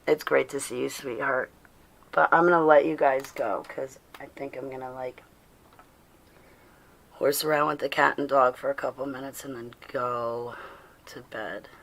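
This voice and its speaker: Hosting a casual livestream, a weary woman chats with and preaches to her audience, reading the chat aloud and laughing a lot. She has a very deep voice with a fairly bright tone.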